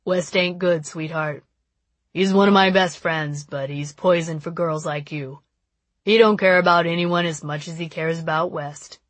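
A woman's voice: fairly low pitch, fairly even intonation, measured pace, dry recording. Nash, a woman playing a blunt, protective teen boy. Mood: warning. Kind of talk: audiobook character voice.

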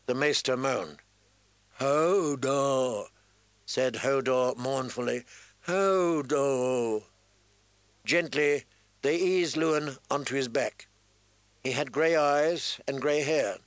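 Male narrator, unhurried, gravelly, dry studio read. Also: medium pitch, no echo. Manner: measured, even storytelling. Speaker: audiobook narrator. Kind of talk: scripted narration.

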